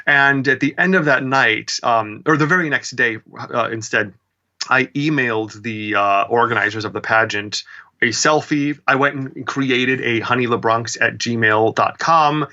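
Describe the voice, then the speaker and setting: A man's voice: medium pitch, unhurried, lo-fi sound. A man in his forties with a Midwestern accent, telling stories as an interview guest in a chatty, self-mocking way. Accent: Midwestern American. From American Midwest. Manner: chatty, animated, self-mocking with many fillers. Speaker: interview guest, drag performer. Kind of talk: casual storytelling interview.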